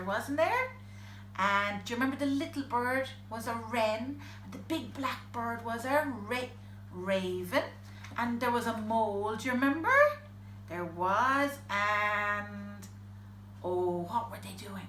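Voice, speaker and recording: A woman reading a picture book aloud to her children, animated, gasping and asking them questions. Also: medium pitch, echoey room, slight background noise. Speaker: parent reading to her boys.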